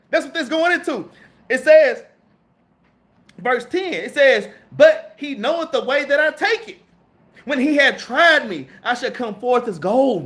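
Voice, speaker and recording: A man with a strikingly high voice preaches to his class in loose, everyday slang. He reads scripture aloud and then riffs on it, tagging "man" and "all right?" onto nearly every sentence. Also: a bit bright. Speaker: preacher teaching a Bible class. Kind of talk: street-style sermon.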